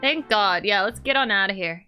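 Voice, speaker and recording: A woman's voice: medium pitch, normal speed, soft background music. A woman streamer giving playful, jokey commentary while she plays a game. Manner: playful and animated, jokey asides. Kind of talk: casual let's-play commentary.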